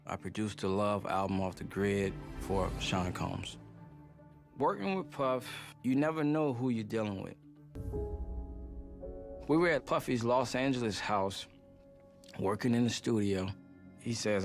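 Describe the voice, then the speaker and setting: A man, a music producer, recounting his experience in a measured, confiding documentary interview. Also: on the low side. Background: clear documentary score.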